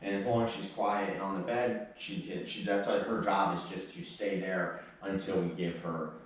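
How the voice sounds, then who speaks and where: A man working as a dog trainer, talking casually while he trains, with short firm commands between relaxed explanations. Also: low-pitched, normal speed, far from the mic, slight background noise. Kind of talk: casual instructional talk during training. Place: indoor training space with concrete floor. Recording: echoey room, voice from off-mic.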